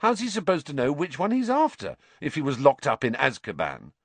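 A nervous teenage boy argues back without much conviction, as a man reads him in a storybook. His voice runs a little higher than the narration and jumps around. The sound is close and dry. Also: huge pitch swings, a little fast, dry recording, heavily acted. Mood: protesting. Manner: weak, protesting.

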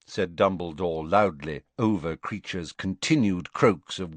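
A man narrating an audiobook in an unhurried, expressive storytelling manner. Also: low-pitched, no room sound. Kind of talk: scripted narration.

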